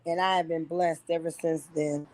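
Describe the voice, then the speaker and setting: A woman in her fifties giving an earnest, halting personal testimony to her church. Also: low voice, level tone, a little mellow, dry recording. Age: 50s. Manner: earnest, halting, with frequent pauses. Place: livestreamed church gathering.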